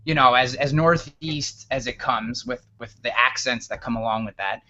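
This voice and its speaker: A man in his thirties from upstate New York, telling a story as a guest in a casual interview, animated and often restarting his words. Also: medium pitch, moderate pace, muffled recording. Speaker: guest author.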